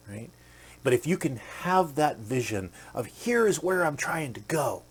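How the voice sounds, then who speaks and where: A man hosts a podcast and tells a motivational parable in a relaxed, chatty way, full of fillers. He slips into the voices of the quoted characters now and then. His pitch sits in an ordinary middle range. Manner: conversational, many fillers, acts out quoted characters. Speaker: podcast host. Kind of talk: motivational storytelling.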